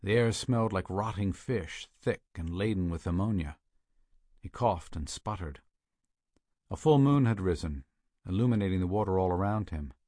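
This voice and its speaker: A man narrating a thriller audiobook in a steady, measured way, on a close studio mic. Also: deep voice, no echo.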